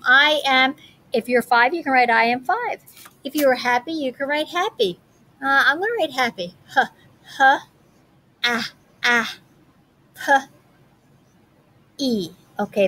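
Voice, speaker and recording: Female teacher, somewhat high voice, clear and encouraging with young kids. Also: bright, forceful tone, low-quality recording. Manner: encouraging, speaks slowly and clearly. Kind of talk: reading aloud and teaching a lesson to young children.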